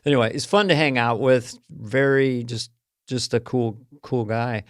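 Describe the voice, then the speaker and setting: A man's voice: mid-range voice, fairly even intonation, unhurried, no echo, studio quality. An older man co-hosting a podcast in casual, jokey chat, slipping into brash tough-guy impressions. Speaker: podcast co-host.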